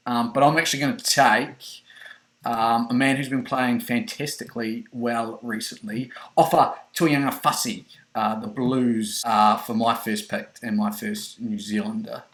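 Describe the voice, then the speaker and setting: A man's voice: mid-range voice, steady tone, a little slow, fairly bright tone. A man hosting a casual fantasy draft chat, hesitant and repeating words as he explains his picks. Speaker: host.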